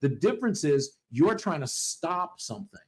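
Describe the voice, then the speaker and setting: Guy cohosting a dog podcast, kinda high voice, animated, swears a lot. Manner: animated, swears freely, acts out quick voices. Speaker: podcast co-host, dog trainer. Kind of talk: casual chat.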